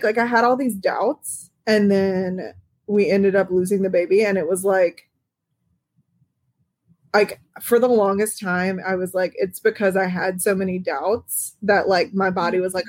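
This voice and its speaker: A woman's voice: medium pitch, fairly even intonation, a little slow. Candid woman podcast co-host. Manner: candid, self-questioning talk. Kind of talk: casual chat. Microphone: video call.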